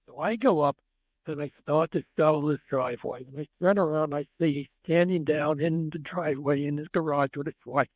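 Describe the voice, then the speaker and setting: A husky man in his eighties tells stories as an interview guest, raising his slightly high voice to act out the dialogue. His delivery is animated, and the recording is dry and close. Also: fairly quick, no echo, dull audio. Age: 80s. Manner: animated storyteller who acts out dialogue. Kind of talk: storytelling interview.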